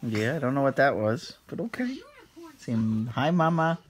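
A man's voice: mid-range voice, sing-song, moderate pace, a little hiss or hum. A man filming his baby son at home, coaxing and teasing him in a playful way. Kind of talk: casual home video.

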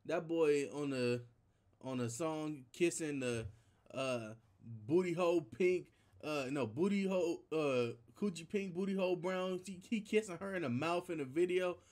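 A man's voice: a little high, moderate pace, darkish tone. A young man hosting a casual reaction video, talking loosely and chattily and tossing in slang like 'man' and 'bruh'. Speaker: YouTube reaction host.

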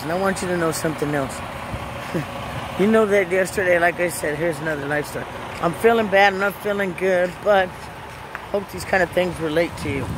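A woman's voice: on the low side, background noise. A woman giving an emotional faith testimony in a personal vlog, speaking earnestly and building into urgent rhetorical questions. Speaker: Christian vlogger. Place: in or beside a parked truck outdoors.

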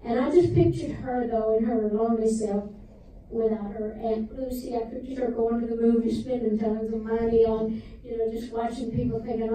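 An older woman with a Southern US accent tells stories in a folksy, chatty way. Her voice is mellow and warm. It carries through a very echoey theater, picked up from far off with a faint audience underneath. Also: on the high side, steady tone, moderate pace, slight background noise. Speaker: guest singer-songwriter. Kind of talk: casual Q&A talk. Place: theater stage.

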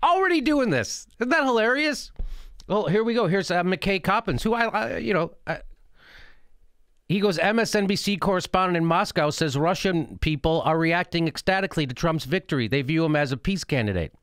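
A middle-aged man hosts a political commentary show and rants with mocking indignation, swearing freely. His voice sits high and leaps up and down. The sound is close and dry. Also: animated, brisk, a bit bright, clean tone, dry recording. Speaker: host.

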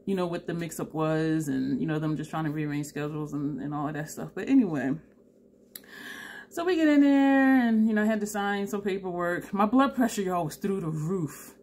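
A woman's voice: medium pitch, a little mellow, a little hiss or hum. A tired woman, telling a story to camera in a chatty way, laughing often and acting out both sides of the conversation. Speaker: beauty vlogger.

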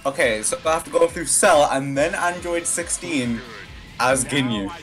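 A man playing a fighting game with a friend, swearing, gloating and shouting excitedly in casual chat. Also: on the high side, moderate pace. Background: game music.

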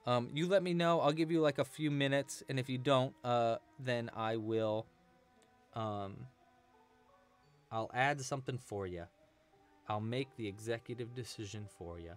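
A man's voice: medium pitch, unhurried, faint music behind. Chatty man hosting a crochet stream. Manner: chatty, thanks donors and answers chat. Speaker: crochet livestream host. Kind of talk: casual live-stream tutorial chat.

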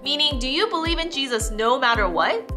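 A woman teaching children, reading a Bible story in an expressive, animated way. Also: high-pitched, fairly quick, music in the background.

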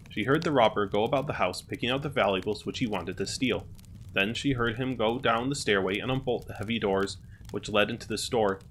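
A man calmly narrating a fairy tale as a storyteller. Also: lowish voice, a little hiss or hum.

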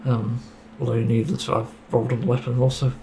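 A man's voice: medium pitch, flat delivery, fairly quick, mellow, a little hiss or hum, low-quality recording. A man giving a casual, rambling opinion monologue about a game, getting frustrated and swearing casually. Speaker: gaming video creator.

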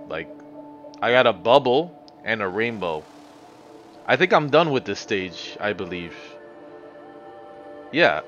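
Casting: male streamer, middle pitch, foul-mouthed and ranting at chat, quiet music bed underneath. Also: muffled recording. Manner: profane, ranting, talks to chat. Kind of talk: live gameplay commentary.

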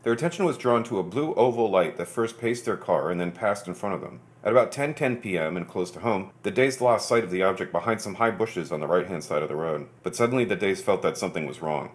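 A man hosting a podcast, reading articles aloud in a steady, measured way and breaking off for quick low asides.

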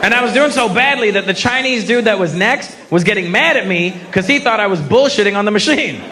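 A man's voice: high voice, expressive, a little fast. A man doing a stand-up comedy set on stage, brash and profane, teasing the crowd. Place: comedy stage before a live audience. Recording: live stage mic with crowd noise.

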